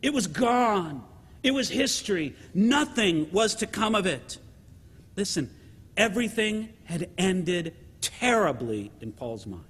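A man preaching a sermon to his congregation in an animated way, often checking in with the listeners by asking "right?". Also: sits high, slightly rough, long reverb tail. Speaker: pastor.

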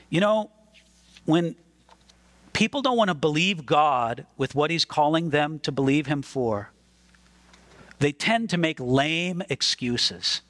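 A man's voice: a little high, lively intonation, slow pace, pauses often, a bit bright, dry recording. A man preaching a sermon as pastor, earnest and emphatic, repeating words as he stresses a point.

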